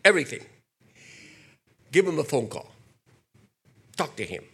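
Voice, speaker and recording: An older man preaching a sermon, animated, slipping into acted quotes and jokey asides. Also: on the high side, measured pace, breathy edge. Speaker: pastor.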